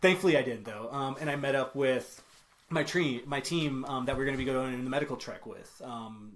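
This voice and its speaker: A young man as a podcast guest, telling a travel story in a casual, rambling way, full of ums, self-corrections and small chuckles. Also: medium pitch. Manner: chuckles while telling stories.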